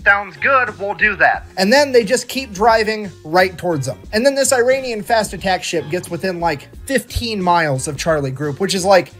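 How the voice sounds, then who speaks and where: A man's voice: high voice, lively intonation, normal speed, few pauses, soft background music. A man narrating military history in a casual, jokey way, swearing now and then and acting out quotes. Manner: casual, profane, jokey storytelling with acted-out quotes.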